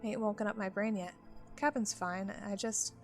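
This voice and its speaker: A woman's voice: medium pitch, steady tone, moderate pace, faint music behind, close to an everyday voice. A woman reading the lines of a middle-aged male park ranger with a thick Southern US drawl, folksy and confiding.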